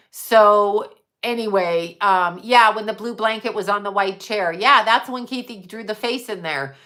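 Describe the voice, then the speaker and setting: A middle-aged woman hosts a casual livestream, venting bluntly with profanity and reading viewer comments aloud. Her mid-range voice is a bit bright and a little slow.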